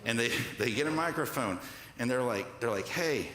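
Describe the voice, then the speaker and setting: A man's voice: medium pitch, expressive, moderate pace, pushed and bright. A man preaching a sermon as pastor, conversational and joking, asking the congregation to answer back. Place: church hall. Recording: echoey hall with long reverb.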